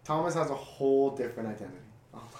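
A young man hosting a casual podcast chat, telling stories with swearing, loud impressions and frequent laughter. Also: medium pitch, very fast. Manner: animated storytelling with shouted impressions and laughter. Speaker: podcast host. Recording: echoey room.

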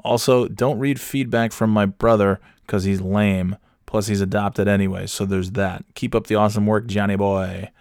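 A man's voice: on the low side, steady tone, moderate pace, few pauses, a little mellow, no room sound, clean studio sound. Rambling, self-mocking male podcast host. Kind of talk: casual comedic storytelling.

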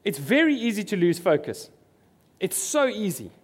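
A man's voice: high-pitched, big pitch swings, normal speed, breathy edge. A man preaching a sermon, earnest and emphatic, repeating his key phrases.

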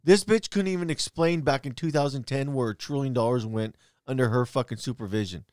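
A man's voice: medium pitch, brisk, darkish tone, dry recording, studio quality. A man co-hosting a casual podcast, ranting bluntly and profanely about politics. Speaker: podcast co-host.

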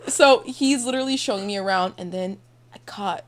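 A woman's voice: mid-range voice, a little fast. Young woman, podcast co-host, casual chat, rambling, crude, laughs a lot.

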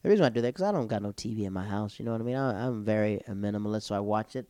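A young man comedian telling a rambling, animated story and reviewing a show in a casual chat. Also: fairly low pitch, very fast, hardly any pauses, dry recording, studio quality. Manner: rambling, animated, acts out quotes. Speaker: comedian vlogger.

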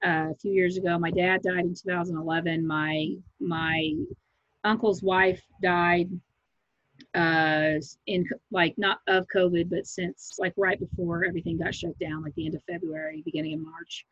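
A middle-aged woman from Kansas, a comedian, talking loudly and emphatically in a rambling podcast chat. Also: lowish voice, fairly even intonation, moderate pace, no room sound. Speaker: comedian guest. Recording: muffled lo-fi recording.

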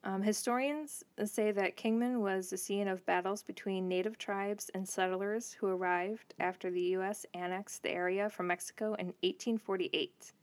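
A woman co-hosting a podcast in a relaxed, easygoing way, moving between banter and notes from her research. The recording is dry, with almost no room sound. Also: mid-range voice, normal speed, hardly any pauses, dry recording. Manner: relaxed, reads history notes between chat. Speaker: podcast co-host. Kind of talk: casual chat with researched storytelling.

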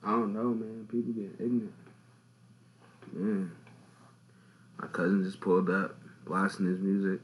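Young guy on a podcast, lowish voice, loose slangy storytelling that jumps up loud. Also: a little slow, long pauses, slight background noise, poor audio. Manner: animated, slangy storytelling with loud laughing outbursts. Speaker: podcast host. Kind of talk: casual podcast chat.

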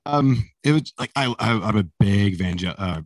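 A man with a fairly low voice, talking casually in an interview. He rambles through stories, swears freely and laughs along the way. The sound is dry and close, with no room around it. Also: lively intonation, measured pace, no room sound. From Canada. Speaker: musician guest.

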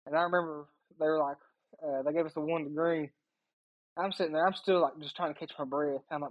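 A man talks racing on a casual podcast in a relaxed drawl, his voice sitting fairly high. The audio is dull and lo-fi, dry and close. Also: a little fast, dry recording. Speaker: podcast co-host, race driver. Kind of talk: casual chat.

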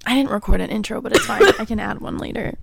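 A woman's voice: mid-range voice, quick pace, gravelly, background noise. A woman in her twenties hosting a podcast in casual chat, giggly, loose and chatty. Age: 20s. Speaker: podcast host.

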